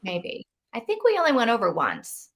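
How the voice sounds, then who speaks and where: A woman hosting a book club livestream in casual chat, animated and rambling with lots of fillers. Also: on the high side, normal speed.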